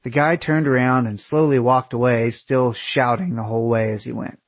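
Husky male memoir narrator, wry and candid, dry close-miked read. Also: mid-range voice, fairly even intonation, normal speed, no echo. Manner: wry, candid, casual swearing. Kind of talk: first-person memoir narration.

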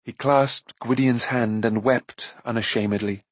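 Husky male audiobook narrator. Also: lowish voice, measured pace, hardly any pauses, dry recording. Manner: even, storytelling delivery. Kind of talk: scripted narration.

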